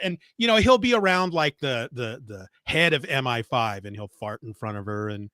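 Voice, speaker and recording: A man's voice: mid-range voice, moderate pace, few pauses, dry recording. A middle-aged man in casual podcast chat, rambling and swearing as he tells a story with gusto. He sounds a little stuffed up. His voice is dry and close, with no room around it. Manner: rambling, profane, animated retelling. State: congested. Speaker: podcast co-host. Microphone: remote call mic.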